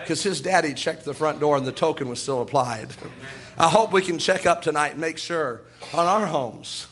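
A man's voice: high voice, fairly bright tone. A man preaching a sermon with fervor, quoting scripture and acting out quoted voices.

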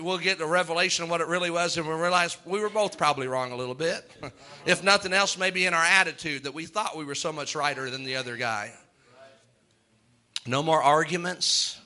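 A man preaching a sermon, chanting long lists in a slow rhythmic litany and chuckling between points. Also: sits high, bright, forceful tone.

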